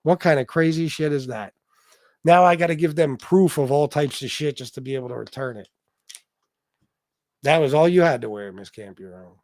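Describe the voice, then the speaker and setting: A man in his forties hosts a casual livestream, rambling and joking with plenty of profanity and stammering when he gets flustered. His voice is on the high side and a little mellow, at a moderate pace, recorded with clean studio sound and no room sound.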